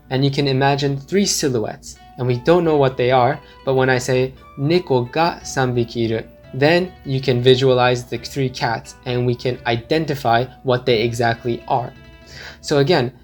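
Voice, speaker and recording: A man teaching a language lesson, explaining slowly and deliberately and repeating his example phrases. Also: medium pitch.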